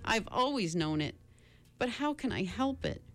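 A woman's voice: a little high, sing-song, normal speed, a bit bright, faint music behind, voice pushed up. A woman reading a storybook, voicing a big cowardly male lion who talks plaintively about his fears. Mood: sorrowful.

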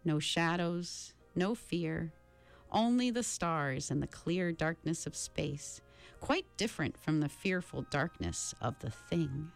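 Slow, expressive woman reading aloud. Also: low-pitched, vocal fry, faint music behind. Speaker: reader.

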